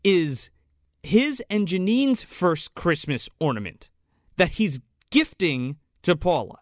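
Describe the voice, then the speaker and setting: A man's voice: sits high, big pitch swings, takes it slowly, dry recording, studio quality. A man co-hosting a casual podcast, recapping a movie in a profane, mocking way. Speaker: podcast co-host.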